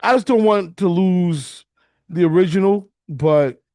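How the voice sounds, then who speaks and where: Relaxed male host, easy laugh, somewhat high voice, close dry mic. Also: a little slow, no room sound. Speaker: podcast host. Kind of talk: casual chat.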